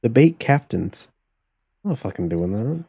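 A man's voice: medium pitch, sing-song, unhurried, creaky, mellow, slightly rough, dry recording, clean studio sound. A young man live-streaming a life-sim game, cursing, joking and laughing as he reacts to what happens. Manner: profane, joking, laughs often. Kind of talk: casual live-stream commentary while playing.

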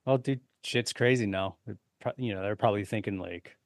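A man's voice: fairly low pitch, brisk, dry recording. A man from the East Coast of the United States co-hosting a podcast, telling brash, profane stories in casual chat. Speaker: podcast co-host.

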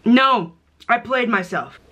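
Slow and sharp in tone, her voice runs on the high side with lively intonation, and a little hiss or hum sits under it. She's a young adult vlogger doing a casual mukbang in a dorm room, in pain from the spice, swearing, gasping and coughing.

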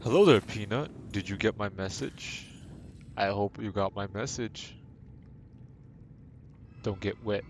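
A man's voice: fairly low pitch, slow pace, long pauses, slight background noise. Playful young man streaming a game. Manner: rambling, playful, self-deprecating, chats to viewers. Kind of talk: casual live-stream chat while gaming. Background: game music.

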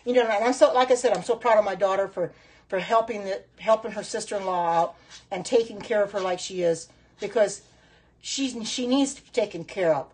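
A woman's voice: mid-range voice, brisk, a little mellow, slightly rough. A middle-aged woman hosting a casual phone livestream from her home kitchen, chatting while she cooks, reacting aloud to viewer comments and exclaiming often. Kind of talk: casual live-stream chat while cooking.

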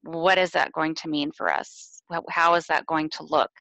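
A woman's voice: low voice, fairly even intonation, moderate pace, creaky, sharp tone, no room sound, low-quality recording. A woman sharing reflections on a video call, nervous and hesitant, with many ums. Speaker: team member sharing reflections. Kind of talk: casual live video chat.

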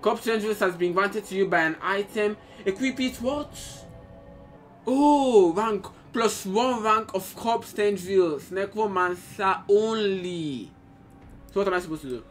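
A man hosting a gaming channel, giving excitable live gameplay commentary with frequent exclamations and repeated phrases. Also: sits high, unhurried. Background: game music.

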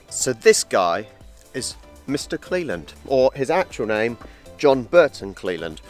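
Touring an outdoor wildlife park and reptile house, an English travel vlogger chats playfully about the animals in casual walk-and-talk style. His medium-pitched voice is very animated and a little slow, with music in the background.

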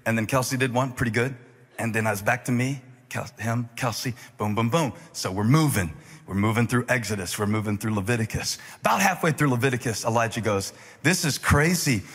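A man preaching with a husky, slightly breathy voice that rings through a big echoing hall. He tells his stories with jokes and easy banter, then climbs into loud, emphatic preaching. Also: mid-range voice, brisk. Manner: animated, joking, rising to loud emphatic preaching. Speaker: pastor. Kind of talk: humorous storytelling sermon. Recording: echoey hall reverb.

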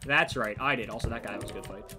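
A gaming commentator tells a story over his own gameplay, breaking off for animated asides about the match. He talks fast in a fairly low voice, with loud music behind him.

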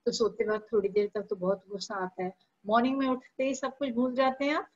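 A woman's voice: fairly high pitch, flat delivery, rapid-fire, dull audio. A woman teacher with an Indian English accent explaining a school chapter line by line in an online class, mixing in Hindi. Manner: patient, explains each line, switches between English and Hindi.

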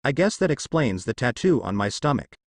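A man's voice: mid-range voice, very animated, fairly quick, dry recording, studio quality. A man voicing a brash, cheeky young ninja boy in a fan story reading. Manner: cheeky, sarcastic.

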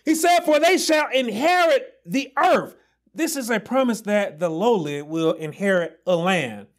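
A male pastor preaching a sermon with passion, often shouting and then dropping to low asides.

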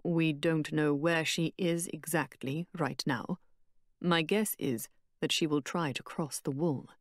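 A woman voicing a calm, solemn male warrior guide who speaks in a measured, reassuring way. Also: fairly high pitch, no echo, clean studio sound, voice pushed down. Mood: earnest.

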